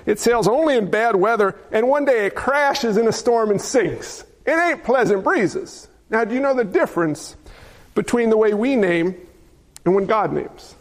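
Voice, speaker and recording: High-voiced joking male pastor. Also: expressive, moderate pace. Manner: playful, jokey asides with rhetorical questions. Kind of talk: sermon.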